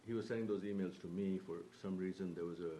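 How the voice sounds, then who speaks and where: A man with a very deep voice speaks as a council member in a council chamber. He sounds conciliatory and halting, stumbling over his words as he tries to clarify things. A faint background hiss is present. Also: steady tone, dark tone. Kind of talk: council meeting remarks.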